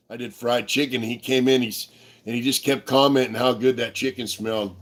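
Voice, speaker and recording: A man's voice: medium pitch, fairly even intonation, a little slow. A middle-aged man telling rambling, profane stories in casual chat as a livestream co-host. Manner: laid-back, profane, rambling with fillers.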